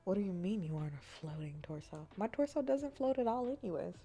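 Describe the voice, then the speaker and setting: A woman streamer chatting casually with her viewers, playful and often slipping into soft whispers. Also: medium pitch, fast talker, faint music behind. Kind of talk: casual chat.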